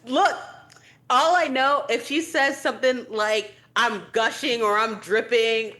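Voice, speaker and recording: A woman's voice: a little high, unhurried. A woman co-hosting a podcast in casual chat, playful and acting out quotes as she talks. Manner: playful, animated, acts out quotes. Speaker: podcast co-host.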